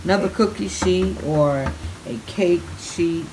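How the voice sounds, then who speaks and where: Her pitch is fairly low and her delivery a little slow as she cooks and chats for the camera. Playfully, she elongates her "oh yeah"s and addresses viewers as babies, all captured in a noisy home kitchen.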